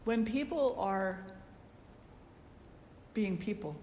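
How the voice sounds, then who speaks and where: A woman spiritual teacher giving a satsang talk, a lively storyteller who acts out the people she quotes. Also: medium pitch, very slow, a little hiss or hum. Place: yoga ashram hall. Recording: roomy hall with long echo.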